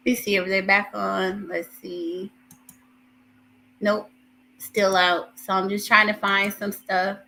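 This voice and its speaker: Woman livestreamer chatting, slow and bright, kinda high. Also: flat delivery, vocal fry, a little hiss or hum. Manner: unhurried, chatty, thinking aloud. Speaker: livestream host. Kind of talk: casual livestream chat.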